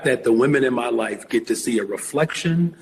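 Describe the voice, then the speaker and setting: A male politician reading a prepared campaign speech in measured, rallying tones. A long reverb trails each phrase, like a large hall heard through a played-back clip. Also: mid-range voice, animated, creaky.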